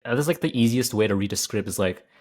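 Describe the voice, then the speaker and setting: A young man with a fairly low voice, talking casually on a podcast. He rambles, stopping and restarting and leaning on "like" over and over. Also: fast, a little mellow. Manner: rambling, fills every phrase with like. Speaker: podcast co-host, YouTuber.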